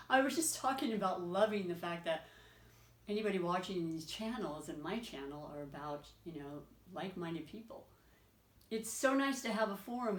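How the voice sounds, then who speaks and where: A woman's voice: lowish voice, roomy sound. A woman doing a casual, effusive tarot reading, rambling and restarting as she reads the cards aloud. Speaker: tarot reader.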